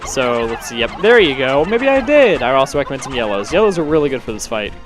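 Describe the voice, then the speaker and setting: A man's voice: mid-range voice, animated, fast talker, over music. A young man, out of breath, rambling chattily as he commentates a video game playthrough. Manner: rambling, self-correcting, chatty. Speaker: let's play host. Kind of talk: casual gameplay commentary.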